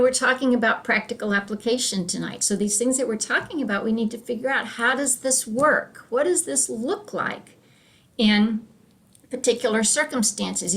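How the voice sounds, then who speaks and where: A woman's voice: on the high side, fairly bright tone. A woman leading a church adult education class, chatty and self-deprecating, acting out voices as she tells stories. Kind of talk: classroom talk with anecdotes.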